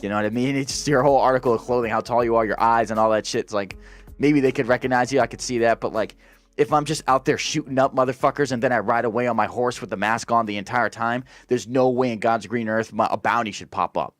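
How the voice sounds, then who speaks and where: A man's voice: mid-range voice, fairly even intonation, quick pace. Exasperated man ranting about a game. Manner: profane, exasperated ranting with many restarts. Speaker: gaming channel host. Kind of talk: casual ranting review.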